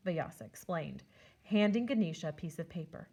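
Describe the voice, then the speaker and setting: A woman on a school's staff reading a children's picture book aloud with expressive storytelling. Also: lowish voice, moderate pace.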